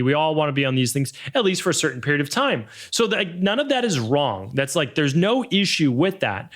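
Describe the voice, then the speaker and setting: A man around fifty with a Boston accent, hosting a solo podcast in an energetic, motivational way and stretching words for emphasis. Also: fairly high pitch. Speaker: podcast host.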